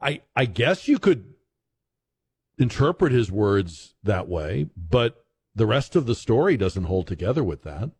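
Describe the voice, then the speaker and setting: A man's voice: on the low side, big pitch swings, a little slow, darkish tone, husky. A man hosting a talk radio show, giving opinion commentary in a sarcastic, questioning way.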